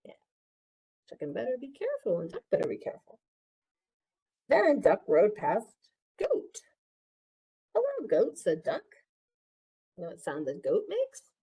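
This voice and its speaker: A woman librarian reading a picture book aloud to children, pausing often to ask them questions. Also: mid-range voice, wildly swooping pitch, vocal fry, mellow, slightly rough, low-quality recording. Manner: interactive, asks children questions.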